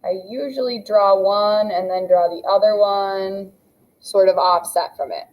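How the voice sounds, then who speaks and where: A woman's voice: mid-range voice, steady tone, a little slow, dull audio. A young adult woman teaching a math lesson, explaining step by step as she draws. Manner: patient, explains step by step while drawing. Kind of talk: classroom lesson narration.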